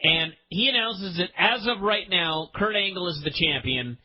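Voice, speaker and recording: A man's voice: high-pitched, highs cut off. A man hosting a podcast, ranting in an exasperated, profane way about a show he hates. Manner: exasperated, profane, fast-shifting rant. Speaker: podcast host. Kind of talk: ranting wrestling podcast chat.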